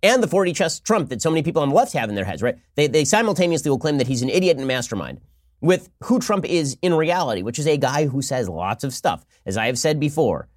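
A man delivering fast, sarcastic political commentary from a close studio mic, sometimes acting out mock phone calls. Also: fairly high pitch, animated, no room sound. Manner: rapid-fire, sarcastic, acts out mock dialogues.

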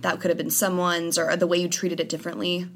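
A woman's voice: fairly low pitch, level tone, fast, fairly bright tone. A woman hosting an interview, asking curious, probing follow-up questions. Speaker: interview host. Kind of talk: casual interview.

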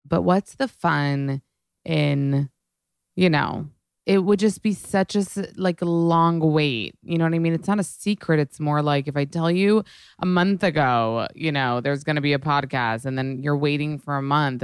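Gushing young woman with heavy vocal fry. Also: deep voice, dry recording, clean studio sound. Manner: gushing and fast, heavy swearing and "like". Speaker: podcast host. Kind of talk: casual chat.

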